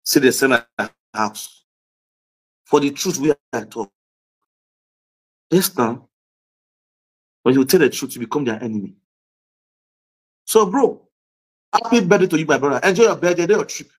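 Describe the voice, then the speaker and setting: A man's voice: fairly high pitch, animated, normal speed, long pauses. A man with a Nigerian accent giving a heated, repetitive vlog rant as a social media commentator, scolding his viewers. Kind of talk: ranting vlog monologue.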